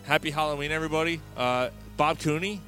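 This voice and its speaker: Swearing podcast host telling a story. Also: male voice, on the high side, fast talker, soft background music. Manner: profane, animated storytelling.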